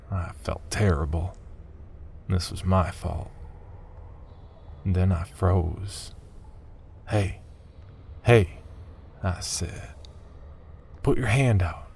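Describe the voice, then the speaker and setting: A man narrating a first-person horror story, turning tense and urgent when his character shouts. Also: sits low, vocal fry, a little hiss or hum.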